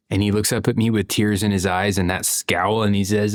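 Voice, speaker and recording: Low-voiced man musing to camera. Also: steady tone, brisk, no echo, clean studio sound. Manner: conversational, peppers talk with "you know" and "right?". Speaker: parent vlogger. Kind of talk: reflective vlog monologue.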